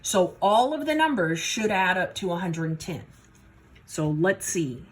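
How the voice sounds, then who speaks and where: With a lowish, sing-song voice and a breathy edge, a woman teaches math at a measured pace in a casual, folksy worked-problem lesson. She narrates each step to herself and seems a little out of breath.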